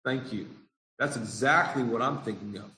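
A man's voice: mid-range voice, normal speed, pushed and bright. Earnest preaching man in echoey room. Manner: earnest, asks the congregation questions. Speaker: pastor. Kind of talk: sermon.

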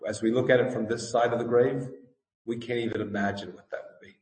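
Recorded at a distance in a reverberant church hall, a male preacher with a mid-range, darkish voice and fairly even intonation reads scripture with rising intensity. He then shifts to a deliberate, earnest teaching manner, circling back over what he has said to drive it home.

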